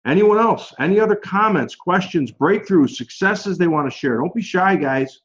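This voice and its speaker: A man's voice: high-pitched, animated, moderate pace, fairly bright tone, dull audio. A man leading a casual group coaching call, talking in a chatty, encouraging way with lots of fillers.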